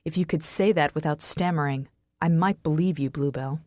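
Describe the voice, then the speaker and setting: A woman narrating a first-person romance audiobook with emotional delivery that rises to shouts in the dialogue. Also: low-pitched, steady tone, moderate pace, no room sound, studio quality.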